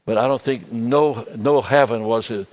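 Older man preaching, halting and soft. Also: medium pitch. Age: 70s. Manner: halting, repeats words, drops to soft tones. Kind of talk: sermon.

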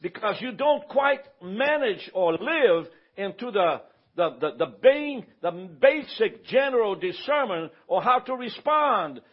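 A man's voice: high-pitched, sing-song, measured pace, few pauses, slightly rough. A man teaching a Bible class in a conversational way, often checking that the room follows him. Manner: conversational, asks the room for confirmation. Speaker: pastor teaching a church class. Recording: dull lo-fi recording.

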